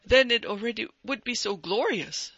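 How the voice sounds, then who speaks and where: A man's voice: very high voice, normal speed, sharp tone, highs cut off. A man preaching a sermon, pressing his listeners with rhetorical questions and quoted prayers.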